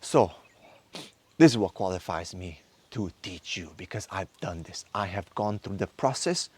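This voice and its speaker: A low, expressive voice with a breathy edge belongs to this men's course instructor in his thirties. Fervently motivational, he harangues the room with rapid-fire rhetorical questions.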